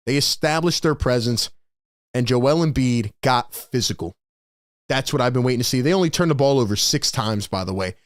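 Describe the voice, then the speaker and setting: A man hosting a live postgame sports talk stream, talking in an animated, rhetorical way and often calling his listeners "man". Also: medium pitch, no room sound, studio quality. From Philadelphia area.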